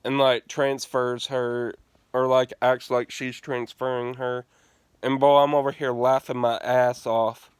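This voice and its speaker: Profane man, crisp dry voice. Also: medium pitch, level tone, a little slow, no echo. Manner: profane, laughing, restarts often. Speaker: gaming streamer. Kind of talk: casual storytelling rant.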